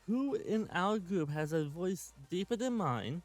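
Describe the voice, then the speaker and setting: A man's voice: high-pitched, animated, a little slow, few pauses, no room sound, faint music behind. A man in his twenties giving a sarcastic, swearing rant while commenting on clips. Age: 20s. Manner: sarcastic, ranting, swears often. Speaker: commentary channel host.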